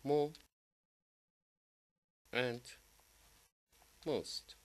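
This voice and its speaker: Kurdish-speaking guy teaching english, says each word slow and careful. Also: medium pitch, steady tone. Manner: slow, deliberate drilling of word forms. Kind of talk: language lesson.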